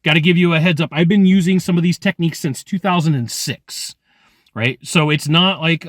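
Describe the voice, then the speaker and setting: A man giving energetic direct-to-camera sales training, emphatic and animated, acting out people's reactions as he talks. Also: fairly high pitch, normal speed, no room sound, studio quality.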